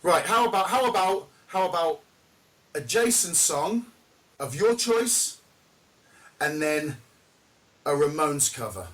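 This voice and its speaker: A man's voice: a little high, very animated, takes it slowly, long pauses, fairly bright tone. A man co-hosting a podcast in casual chat, laid back and swearing. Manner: laid-back, profane interjections. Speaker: podcast co-host. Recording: distant mic.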